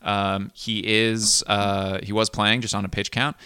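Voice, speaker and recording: A man's voice: fairly low pitch, flat delivery, measured pace, sharp tone, clear, resonant tone, dry recording, studio quality. A man hosting a fantasy football league podcast, recapping in a chatty, rambling way with lots of ums and restarts. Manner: chatty and rambling, with frequent ums and self-corrections. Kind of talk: casual solo podcast recap.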